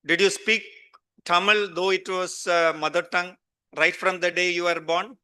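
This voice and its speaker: A man's voice: sits high, level tone, moderate pace, pushed and bright, smooth. A middle-aged man with an Indian English accent giving a conversational conference lecture, putting questions straight to his audience.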